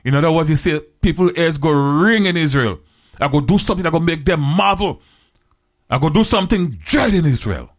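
A man preaching a sermon, retelling a Bible story in plain, creole-flavored English with repeated phrases and slow, drawn-out scripture quotes. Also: fairly high pitch, expressive.

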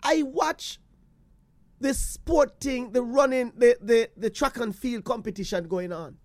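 A man with a Jamaican accent, telling a personal story to his viewers in an animated way, slipping into patois and repeating phrases. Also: extremely high pitch, measured pace, dry recording.

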